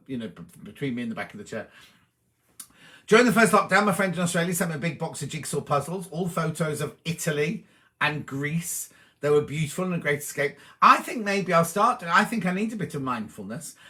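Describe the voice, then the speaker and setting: A cheery middle-aged man chats casually on a live stream, reading out viewers' messages and answering each one. His voice sits a little high for a man and sounds bright and forward. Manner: chatty, cheery, reads comments aloud and chats back to them.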